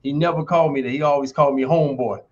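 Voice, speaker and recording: A man's voice: on the high side, fairly even intonation, very fast. Emphatic man in his sixties, dull audio. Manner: emphatic, motivational, folksy. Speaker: guest, retired football player and university lecturer. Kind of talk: podcast interview storytelling.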